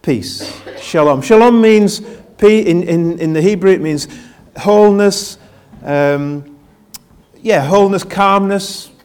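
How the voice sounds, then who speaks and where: A man's voice: high-pitched, takes it slowly, a little mellow, clean tone. An older man, a pastor, giving a chatty, self-deprecating Christmas sermon and drawing answers from his congregation. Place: church with live congregation.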